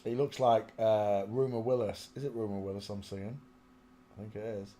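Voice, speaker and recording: This channel host speaks in a lowish, mellow voice at normal speed with fairly even intonation, and a faint hiss or hum sits under it. He browses photos while offering casual commentary, muttering to himself and half-singing between remarks into a small desk mic placed close in front.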